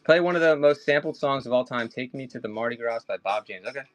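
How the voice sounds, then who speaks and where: A man's voice: mid-range voice, fast, rough recording. A man chatting casually with viewers during a live auction stream, rambling and addressing them by name.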